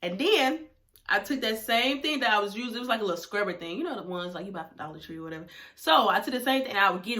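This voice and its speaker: Animated young woman telling a story. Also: on the high side, fast talker. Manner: animated, talks straight to viewers, drops to hushed whispers for asides. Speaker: vlogger. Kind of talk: casual storytelling to camera.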